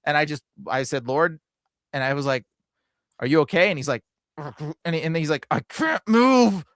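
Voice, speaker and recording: Rambling man with a higher voice. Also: fairly even intonation, brisk, fairly bright tone, no echo, clean studio sound. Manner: rambling, laughing often, many fillers. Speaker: deliverance minister. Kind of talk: casual conversation.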